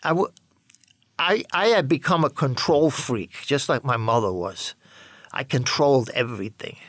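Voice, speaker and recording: A man's voice: mid-range voice, lively intonation, normal speed, a bit bright, no room sound. A man telling his own story in blunt, profane street talk, acting out the voices of the people he quotes. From New York. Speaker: storyteller recounting his past. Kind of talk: candid spoken memoir.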